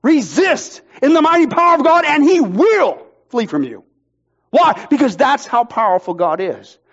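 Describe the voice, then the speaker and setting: A pastor preaching a sermon with emphatic, energetic delivery and playful jokes. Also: male voice, extremely high pitch, normal speed. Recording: dull lo-fi sound.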